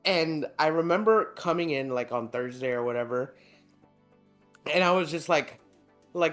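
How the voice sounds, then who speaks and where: A man's voice: on the high side, normal speed, fairly bright tone, faint music behind. A man co-hosting a casual podcast, laughing often and teasing his friend while retelling a story. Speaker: podcast co-host. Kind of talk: casual chat.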